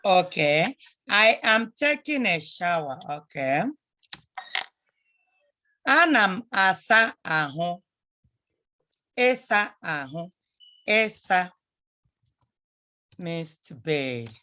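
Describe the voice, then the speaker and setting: Slow, bright-voiced woman teacher. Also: on the low side, very animated. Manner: patient, repeats phrases slowly for drilling. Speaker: language teacher. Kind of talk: online class instruction. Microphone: video call.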